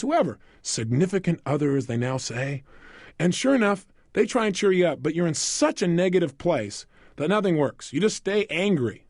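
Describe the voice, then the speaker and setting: Guy running a self-help seminar, high voice that swoops all over, dry close sound. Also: no room sound. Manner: animated, asks the audience questions and acts out quotes. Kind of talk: motivational seminar talk.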